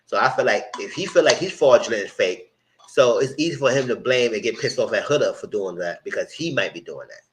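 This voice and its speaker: A man hosts a live recap of a reality TV show, chatting casually and animatedly acting out the cast's quotes in different voices. His voice is medium-pitched and a little fast, and the rough recording carries some hiss or hum.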